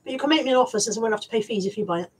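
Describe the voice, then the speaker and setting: Chatty husky woman vlogger. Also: fairly high pitch, racing, poor audio. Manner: chatty, reads out viewer comments, coos at her dog. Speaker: vlogger and reseller. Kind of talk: casual live-stream chat.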